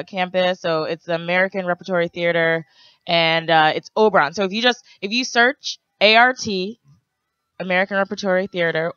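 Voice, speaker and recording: A woman comedian chatting as a guest on a live radio show, quick to laugh and talkative. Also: fairly low pitch, fairly bright tone, clear, resonant tone, no echo, dull audio. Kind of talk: casual radio interview chat. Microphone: studio microphone.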